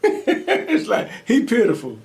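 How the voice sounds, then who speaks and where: A man's voice: very high voice, wildly swooping pitch, slow, gravelly, darkish tone. A young man hosting an eating show, telling a story casually, laughing often and acting out quotes. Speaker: mukbang host.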